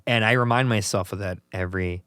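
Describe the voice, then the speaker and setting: A man's voice: lowish voice, quick pace, fairly bright tone, clear, resonant tone, no room sound, clean studio sound. A man hosting a podcast in casual chat, telling rambling stories and laughing easily. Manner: rambling, chatty storyteller who laughs easily. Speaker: podcast host.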